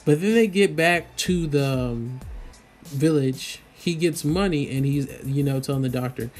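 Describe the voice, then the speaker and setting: A man's voice: fairly high pitch, measured pace, a little mellow, soft background music. A man casually recapping an anime episode in a loose, rambling way, full of fillers. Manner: rambling, loose, lots of "you know" fillers.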